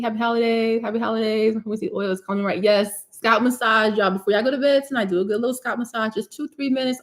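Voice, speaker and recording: Casting note: young New woman, chatty livestream host who laughs easily and answers comments. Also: fairly high pitch. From Newark, New Jersey. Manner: warm, chatty, laughs often and jokes with viewers. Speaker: cosmetic chemist hosting a live hair-care Q&A. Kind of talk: casual livestream chat, reading comments.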